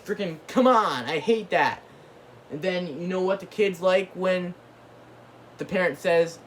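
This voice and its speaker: A man's voice: sits high, measured pace, slight background noise. A man hosting his own channel, ranting casually in a rambling way, full of filler words and mild cursing. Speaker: channel host.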